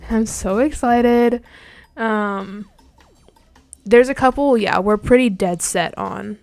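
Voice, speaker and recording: A young woman hosting a casual music podcast, bubbly and easily excited, wrapping up the episode with her co-host. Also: fairly high pitch, slow, gravelly, no echo. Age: young adult. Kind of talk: casual chat.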